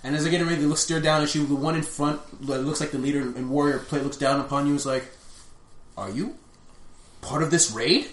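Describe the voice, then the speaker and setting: A man's voice: on the high side, little pitch movement, racing, few pauses. A man narrating a tabletop role-playing game as game master, loose and rambling, often laughing.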